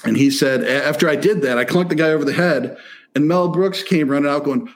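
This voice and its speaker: A man from Michigan telling a story in a casual chat, animated and profane, acting out the people he quotes. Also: a little high, a little fast. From Michigan, near Detroit.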